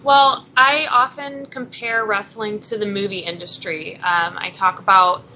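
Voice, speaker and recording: A woman, a wrestler, answering an interview in a measured way and explaining with examples. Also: medium pitch, steady tone, bright, forceful tone, highs cut off. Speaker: guest, wrestler.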